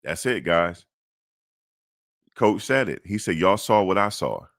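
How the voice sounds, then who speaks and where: Deep-voiced blunt sports host, man. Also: unhurried, no room sound, clean studio sound. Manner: preachy and blunt, swears, swings to high excited pitch. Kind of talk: emphatic sports talk monologue.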